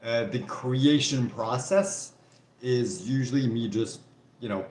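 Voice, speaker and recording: A man's voice: medium pitch, slow pace, a little mellow, reverberant, a little hiss or hum. A man from Canada with a French Canadian accent, hosting a live Q&A and reading out viewer comments in casual chat, with plenty of "like" and "you know". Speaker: livestream host answering viewer questions.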